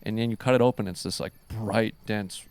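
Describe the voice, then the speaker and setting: Gravelly, rambling podcast host. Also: male voice, fairly low pitch, fairly even intonation, fairly quick, a little mellow, no room sound. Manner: loose, rambling, swears casually. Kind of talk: casual chat.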